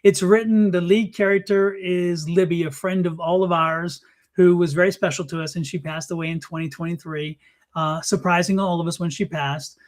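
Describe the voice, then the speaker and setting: High-voiced man host, rambling. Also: fairly even intonation. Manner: rambling, halting restarts, laughs often. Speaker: host and author. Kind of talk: casual chat.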